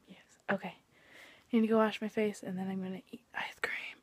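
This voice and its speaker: A woman's voice: mid-range voice, fairly even intonation, a little fast, a little hiss or hum. A young woman vlogging at home late at night, venting her frustration, swearing and often dropping into a whisper. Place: at home indoors.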